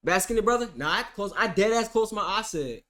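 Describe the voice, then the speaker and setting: A high-voiced man streams at a quick pace, telling a comic tale about a day he spent in court. He swears a lot and stays animated, veering from loud outbursts to whispered asides.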